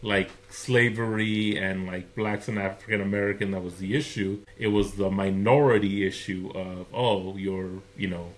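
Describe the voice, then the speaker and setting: Low-voiced rambling man on a podcast. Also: steady tone. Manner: rambling, halting with many fillers. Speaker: podcast co-host. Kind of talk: casual chat.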